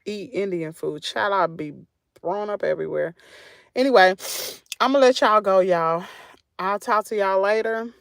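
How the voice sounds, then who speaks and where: A woman's voice: medium pitch, moderate pace, creaky, dry recording, clean studio sound. A woman with a Southern American accent, chatting casually with her livestream viewers from a parked vehicle, reading comments and laughing often. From Southern United States. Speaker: channel host.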